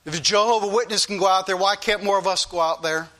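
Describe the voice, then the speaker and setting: A man's voice: sits high, quick pace, fairly bright tone. A male pastor preaching an earnest, repetitive sermon that rises into pleading questions to his congregation.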